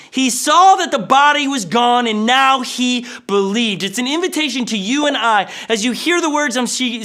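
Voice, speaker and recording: A male pastor preaching a sermon in an animated storytelling manner. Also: very high voice. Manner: animated, storytelling with acted voices.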